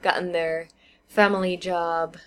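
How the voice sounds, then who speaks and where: A woman co-hosting a casual podcast chat, explaining her views at length with thoughtful pauses and fillers. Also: fairly low pitch, flat delivery. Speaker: podcast co-host. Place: living in China.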